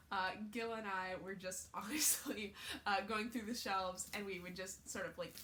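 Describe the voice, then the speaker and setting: A woman's voice: medium pitch, bright, forceful tone, slight background noise. A woman book vlogger talking in a casual, rambling way, with lots of fillers and restarts. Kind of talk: casual chat.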